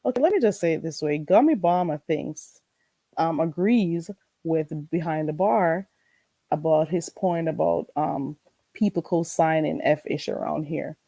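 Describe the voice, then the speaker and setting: A woman with a Caribbean accent hosting a casual livestream chat, emphatic and animated, often laughing as she talks. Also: low-pitched, unhurried, gravelly, no echo. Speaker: livestream host.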